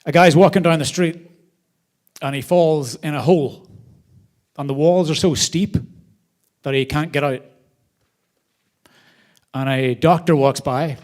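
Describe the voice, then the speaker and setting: A man hosting a charity event, speaking to a live audience from a theater stage in a lively, storytelling way. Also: fairly high pitch, unhurried, long pauses. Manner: animated storyteller, varied loudness. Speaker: charity host.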